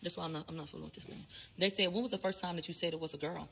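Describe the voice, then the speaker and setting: A woman's voice: fairly low pitch, vocal fry, breathy edge, poor audio. A woman giving a casual commentary vlog, speaking bluntly and with a lot of profanity, talking straight to her viewers. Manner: quick, animated retelling of testimony. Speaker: vlogger giving trial updates.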